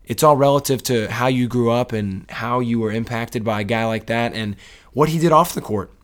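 A man's voice: mid-range voice, moderate pace. Emotional man rambling about sports. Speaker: sports podcast co-host. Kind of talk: casual sports talk.

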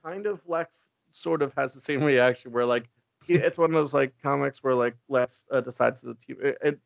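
A man talks through a comic storyline in loose, laughing chat, dropping into the characters' voices as he goes. His voice has a gravelly edge, and the recording sounds dull and dry. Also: medium pitch, normal speed, no echo. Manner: rambling, laughing, acts out characters' lines. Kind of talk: casual comic book chat.

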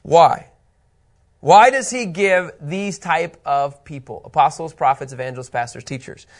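A man teaching a Bible lesson to a group, animated and conversational, asking rhetorical questions as he reads through scripture. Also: on the high side, measured pace.

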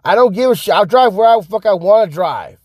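A young man with a drawl vlogs from his car, rambling and swearing as he circles back over his own words. His voice sits a little high for a man. The sound is dry and close, with no room around it. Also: expressive, fairly quick, no room sound. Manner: profane, rambling, repeats himself. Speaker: vlogger. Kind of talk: casual rant to camera.

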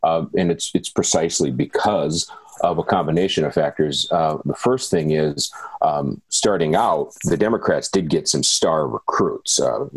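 A man with a very deep voice co-hosting a political podcast. He lays out his analysis in a measured way but leans on fillers, and he often repeats a word before moving on. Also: husky. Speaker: podcast co-host. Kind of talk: casual political podcast chat.

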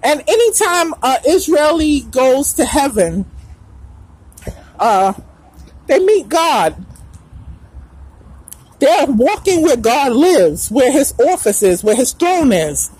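A woman with a high, bright voice holds forth in a preachy podcast monologue. Her pitch swoops widely as she drives her points home, repeating phrases and drifting into snatches of song. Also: big pitch swings, takes it slowly, long pauses, poor audio. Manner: emphatic, repeats lines, breaks into sung phrases. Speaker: podcast host.

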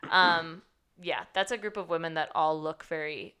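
Smooth, lowish-voiced woman chatting casually. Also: fairly even intonation, normal speed, sharp tone. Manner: chatty, recaps scenes with lots of "like" and "um". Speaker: podcast host. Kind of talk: casual movie-discussion chat.

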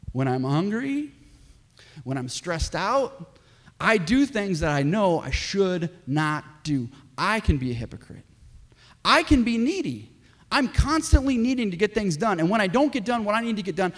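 A male pastor preaching with an emphatic, animated delivery. His fairly high voice leaps up and drops low, and he moves between forceful declarations and near-whispered lines. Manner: emphatic, swings from loud to hushed. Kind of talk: sermon.

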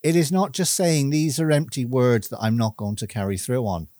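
A man speaking a personal, reflective monologue to camera, earnest and measured, stressing key words through repetition. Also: medium pitch, a little mellow, no echo, clean studio sound.

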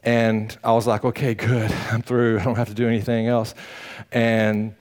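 A man, a pastor preaching a sermon in a folksy, animated storytelling manner, acting out the quotes. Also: mid-range voice, normal speed.

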